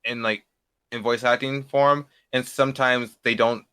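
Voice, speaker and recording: A man's voice: mid-range voice, fairly even intonation, pushed and bright, smooth, no echo. A young man in his late teens, a beginner voice actor, talking casually as an interview guest and often restarting his sentences. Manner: halting, repeats and restarts words.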